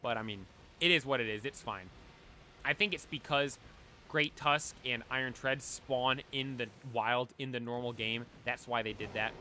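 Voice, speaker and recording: A man's voice: mid-range voice, normal speed, pushed and bright, a little hiss or hum. A man chatting casually on a live stream, rambling and talking straight to his chat. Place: cold room at home.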